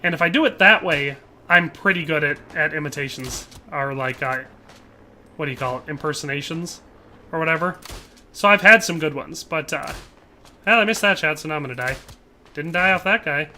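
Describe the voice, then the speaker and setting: A man's voice: fairly high pitch, moderate pace, pushed and bright, slight background noise. A young man streaming a shooter game, chatting casually and joking with chat as he plays. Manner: chatty, jokey, tries mock Irish accents. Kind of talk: casual live-stream commentary.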